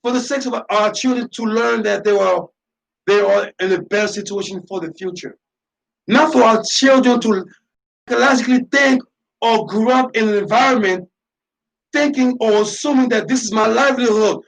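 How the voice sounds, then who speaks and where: A man's voice: high-pitched, normal speed, vocal fry, low-quality recording. A man hosting a radio talk show, delivering an impassioned, preachy monologue with lots of repetition and emphasis.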